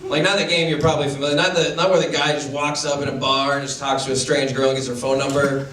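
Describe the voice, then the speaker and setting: A man's voice: mid-range voice, little pitch movement, a bit bright, slight background noise. Young man doing dry stand-up. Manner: dry, halting delivery with many fillers. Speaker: stand-up comedian. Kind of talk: stand-up comedy set. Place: small live venue with an audience. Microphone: distant camera mic. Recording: echoey room from far off. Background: audience laughter.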